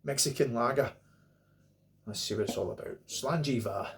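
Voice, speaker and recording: A man's voice: medium pitch, normal speed, fairly bright tone. A middle-aged Scottish man talking casually to camera as he reviews a beer, rambling and joking. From Scotland. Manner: chatty, rambling, jokey asides.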